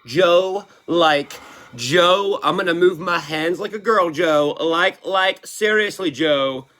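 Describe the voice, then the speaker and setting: A man putting on a mocking impression of a soft, whiny male country singer, drawn out and limp. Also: high voice, full character voice. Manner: limp, drawn-out, effeminate mockery.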